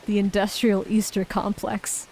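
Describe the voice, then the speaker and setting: A woman's voice: mid-range voice, completely flat delivery, unhurried, a little mellow, a little hiss or hum, poor audio. A woman streamer in casual chat, reading viewer messages aloud and giggling often.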